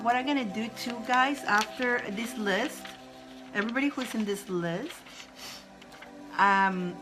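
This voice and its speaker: A woman hosting a spiritual live stream, chatting casually and excitedly with viewers. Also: a little high, poor audio. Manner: chatty and excitable, breaks into laughter.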